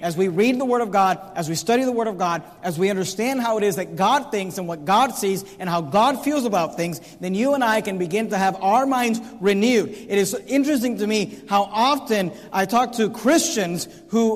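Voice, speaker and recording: Male pastor, high-pitched, deliberate sermon delivery, big reverberant sanctuary. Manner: slow, deliberate preaching with emphatic rises. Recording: long hall reverb.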